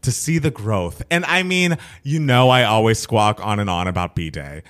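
A man's voice: fairly low pitch, expressive, moderate pace, a bit bright. A man co-hosting a podcast in casual chat, telling stories in an enthusiastic, reflective way. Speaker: podcast co-host.

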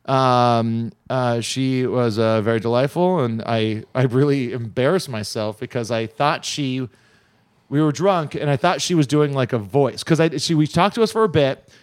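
A man hosting a radio show in casual chat, rambling and halting, laughing often. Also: mid-range voice, dry recording.

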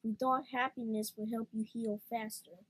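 A woman's voice: on the high side, flat delivery, moderate pace, husky. A woman voicing two silly, mischievous talking crutches in a storybook. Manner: silly, playful.

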